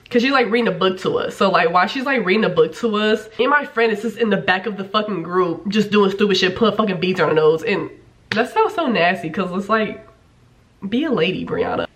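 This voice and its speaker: A woman's voice: fairly high pitch, fairly bright tone. Chatty young woman vlogging, swearing freely. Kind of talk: casual storytelling to camera.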